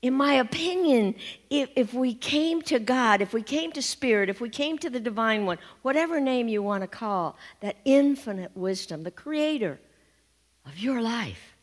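Woman pastor giving a sermon, storytelling, bit high voice, long hall echo. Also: expressive, normal speed. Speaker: minister.

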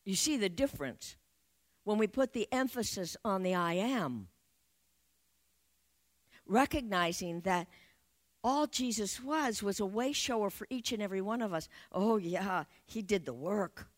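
A woman giving an Easter sermon as a spiritual teacher, speaking in slow, affirming and prayerful phrases. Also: mid-range voice, animated.

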